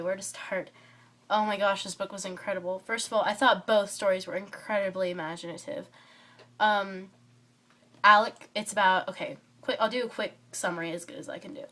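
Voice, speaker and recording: A woman with a cold giving a chatty, rambling book review vlog, full of fillers and tangents. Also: mid-range voice. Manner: rambling and excitable, many fillers, drifts off topic. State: stuffy from a cold.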